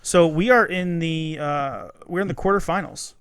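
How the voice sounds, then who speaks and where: A man's voice: on the high side, normal speed, a bit bright, smooth. A man in his thirties co-hosting a casual podcast, playful, laughing often as he rattles off lists. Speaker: podcast co-host. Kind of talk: casual chat.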